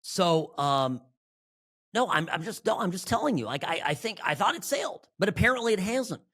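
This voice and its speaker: Husky, animated talk show host. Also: male voice, sits high, normal speed. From Southern California. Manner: animated and emphatic, with frequent restarts and asides. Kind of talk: political talk radio monologue.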